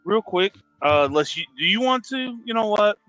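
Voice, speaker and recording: A man's voice: high-pitched, expressive, pushed and bright, no echo, faint music behind, low-quality recording. A man hosting a charity stream, introducing the players in a flustered, self-mocking way. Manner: slow, self-deprecating, flustered. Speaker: stream host. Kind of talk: casual livestream chat.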